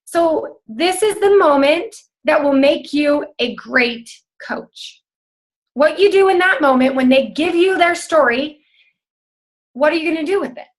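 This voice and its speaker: High-voiced upbeat woman coaching a team. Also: lively intonation, unhurried. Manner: upbeat, chatty, acts out quoted conversations. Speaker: coach leading a team call. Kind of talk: coaching talk on a team call.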